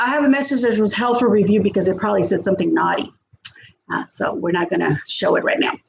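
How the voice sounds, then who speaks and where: A woman hosting a casual livestream, chatting with viewers and greeting them by name. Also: a little high. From Texas. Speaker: livestream host. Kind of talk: casual livestream chat reading viewer comments. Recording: echoey room with faint background noise.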